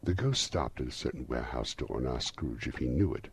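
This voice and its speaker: A man narrating a classic novel as an audiobook, reading in a lively, expressive way. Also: extremely low pitch, fairly quick, creaky, slightly rough, dry recording.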